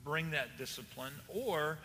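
A man's voice: fairly high pitch, expressive, unhurried, pushed and bright, in a large hall, slight background noise. A man with a Texan accent, a pastor preaching to his congregation in a folksy, chatty way with fillers and restarts. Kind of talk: sermon to a congregation.

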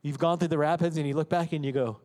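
High-pitched preaching man in a hall. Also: fairly even intonation, quick pace, darkish tone. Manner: emphatic preaching, acting out inner voices and prayers. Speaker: pastor. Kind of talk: sermon. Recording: reverberant hall.

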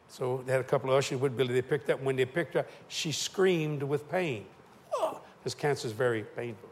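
A man's voice: medium pitch, moderate pace. An older man preaching a sermon, folksy and joking as he tells stories. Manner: folksy, joking, southern-tinged church talk. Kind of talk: sermon with storytelling and humor.

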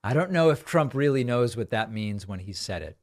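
A man's voice: medium pitch, animated, fairly quick, darkish tone. A man hosting a podcast, delivering sarcastic, cutting political commentary. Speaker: podcast host.

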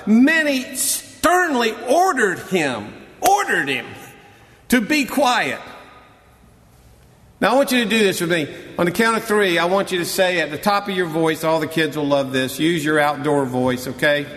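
A man delivers a sermon with dramatic swings from hushed, drawn-out phrases to loud, emphatic cries. His voice sits a little high for a man. A long hall reverb trails behind every line. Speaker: pastor.

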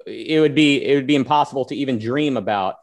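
Male host, casual panel chat, mid pitch, loose and rambling delivery. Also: fast talker. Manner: animated, rambling with fillers.

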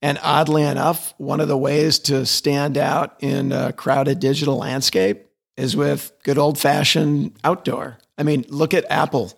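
Slightly high, steady, and gravelly with a breathy edge, this middle-aged man's voice moves at a measured pace. As an advertising executive being interviewed conversationally, he talks with enthusiasm and often repeats words while restarting sentences.

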